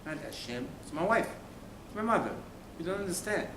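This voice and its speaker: Male rabbi, sermon, fairly high voice, rhetorical questions, echoey room, faint background noise. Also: animated, a little fast, fairly bright tone. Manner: emphatic, with rhetorical questions and sudden drops to near-whisper. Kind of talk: Torah sermon.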